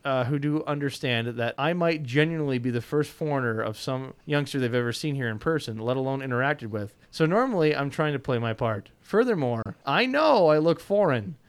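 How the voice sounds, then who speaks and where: A man tells a first-person story aloud in a wry, conversational voice. His tone is smooth and resonant and sits at an ordinary pitch. He often says uh and now and then trips over a word. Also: lively intonation, fairly quick, few pauses. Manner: wry, conversational, frequent filler "uh" and small stumbles. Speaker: narrator reading a personal story.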